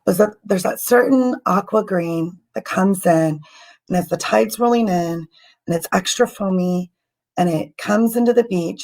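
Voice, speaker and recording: A woman hosting a live stream as a spiritual healer, guiding a meditation in a soft, halting, emotional way with many ums, and she is tearful. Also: medium pitch, poor audio. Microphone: computer mic on a live stream.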